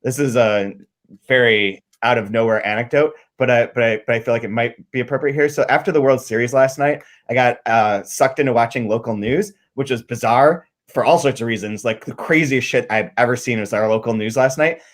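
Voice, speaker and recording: A man's voice: medium pitch, brisk. A man from Michigan hosting a podcast, chatting casually and animatedly about a book, swearing freely and restarting his sentences. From Michigan, USA. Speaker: podcast host.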